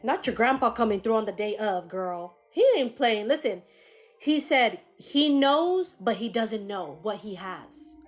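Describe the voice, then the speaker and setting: A woman giving a live-streamed psychic reading in a casual, animated way, swearing and laughing often. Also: medium pitch, unhurried, soft background music. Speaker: psychic medium.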